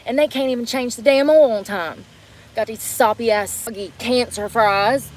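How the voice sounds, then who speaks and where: A woman's voice: on the high side, normal speed, slight background noise, rough recording. Giggly, profane woman rambling on a livestream. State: out of breath from effort. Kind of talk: casual livestream chat. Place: in and around a car.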